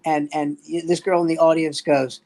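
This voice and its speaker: A man's voice: on the high side, flat delivery, normal speed, darkish tone. An older man, a standup comedian, telling rambling anecdotes in casual chat with acted-out quotes.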